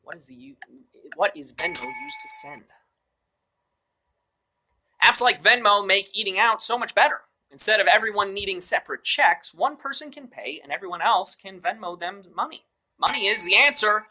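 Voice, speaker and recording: A man's voice: high-pitched, animated, normal speed, sharp tone. A man hosting a live mobile trivia game show, upbeat and joking with playful asides.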